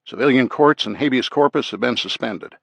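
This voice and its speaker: A man's voice: mid-range voice, fairly quick, vocal fry, fairly bright tone, no echo, pitched above the performer's own voice. A man voicing a firm, controlled male army major in an audiobook.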